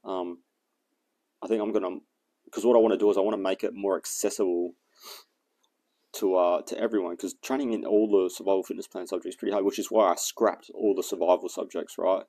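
A man's voice: fairly even intonation, a little fast. A man telling a rambling story and thinking aloud about his plans in a casual vlog, with plenty of fillers. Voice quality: gravelly, low and dark. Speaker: fitness and survival vlogger.

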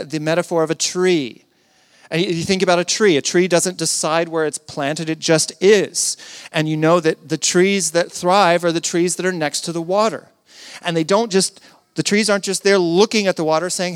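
Earnest male preacher. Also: on the high side. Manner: earnest, with rhetorical questions and soft hushed passages. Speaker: pastor. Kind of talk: sermon.

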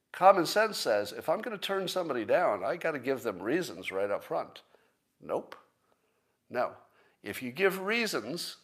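Self-assured man talking persuasively. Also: mid-range voice. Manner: conversational, persuasive, fond of rhetorical questions; plain-spoken and self-assured. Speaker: podcast host. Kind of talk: casual solo monologue.

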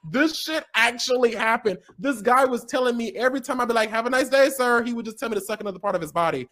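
A young man co-hosting a casual talk show, swearing freely and laughing through his stories. He tells his anecdotes with lively energy. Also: very high voice, quick pace. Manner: profane, laughing, animated storyteller. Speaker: co-host. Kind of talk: casual podcast chat.

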